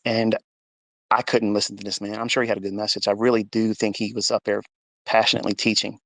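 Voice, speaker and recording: Earnest and emphatic, this man recounts an emotional story of his faith, voicing the dialogue himself, from home on a phone in a live audio chat. His voice is on the low side and fairly bright, fast, with little pitch movement; the recording is dry.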